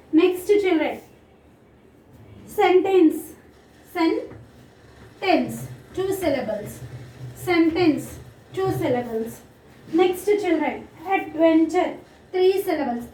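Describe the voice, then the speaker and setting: Woman teacher, Indian English accent, high voice, slow drilling delivery, roomy echo from a distant mic. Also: slight background noise. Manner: slow, clear drilling of words, repeating each one. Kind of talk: recorded online class lesson.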